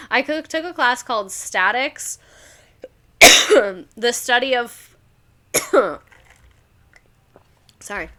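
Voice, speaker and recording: A woman's voice: mid-range voice, sharp tone. A young woman, a former teacher, chatting casually on a livestream, reading stories aloud, laughing often and swearing freely.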